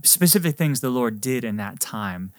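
Gentle priest hosting an interview, dry sound. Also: male voice, mid-range voice, expressive, moderate pace, no room sound. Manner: gentle, hesitant with many uhs. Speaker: host, priest. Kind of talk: podcast interview.

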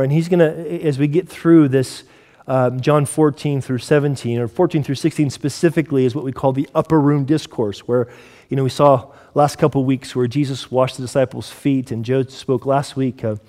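A man preaching a sermon, sometimes hushed and intimate, sometimes loud and emphatic when reading scripture. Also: mid-range voice. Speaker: pastor. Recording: long reverb of a large hall.

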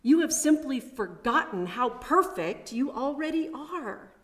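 A woman preaching a sermon at a chapel, measured and reflective, with personal asides. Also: high voice, expressive.

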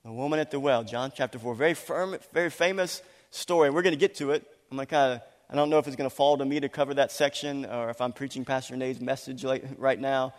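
A man preaching a sermon as a pastor, animated and acting out voices when he quotes people, laughing now and then. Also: mid-range voice, fast talker, few pauses. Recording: long hall reverb.

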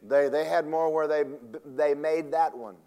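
A man preaching a sermon in a folksy, emphatic way, swinging between loud and soft and fast and slow for effect. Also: fairly high pitch, steady tone, clean tone. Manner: folksy, emphatic, varies loudness and pace for effect.

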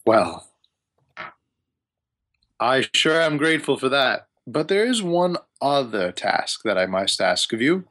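A haughty wizard, put on by a man running a tabletop game who drags each phrase out slowly and lingers on thoughtful hums. He sounds lofty and a little sly, with an old-fashioned, condescending turn of phrase. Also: medium pitch, expressive, a bit bright. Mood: grateful, musing. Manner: slow, drawn-out phrases with musing hums. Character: pompous scheming male wizard, drawn-out speech. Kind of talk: tabletop role-play voice.

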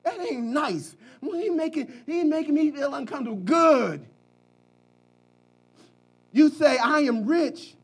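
A male preacher delivering a lively, folksy sermon, swinging between hushed talk and shouting. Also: very high-pitched, unhurried, pauses often.

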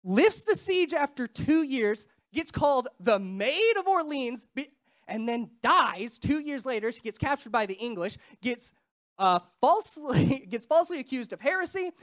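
Young woman preacher, nasal and stuffed up from a cold, lively pitch, casual chatty delivery. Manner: chatty, self-deprecating, quick asides. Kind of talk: casual sermon.

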